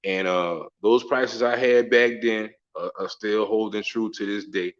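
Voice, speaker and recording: A man's voice: on the low side, fairly even intonation, a little slow. Profane man talking to camera, lo-fi. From Southern United States. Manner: profane, slangy, laughing storyteller. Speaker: travel vlogger. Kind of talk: casual monologue to camera.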